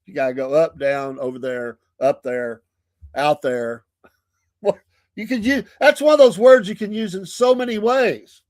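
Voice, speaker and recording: A man's voice: on the high side, measured pace, darkish tone, dry recording, studio quality. A Southern American man hosting a morning livestream show, chatty and folksy, laughing often. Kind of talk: casual livestream chat. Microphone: streaming mic.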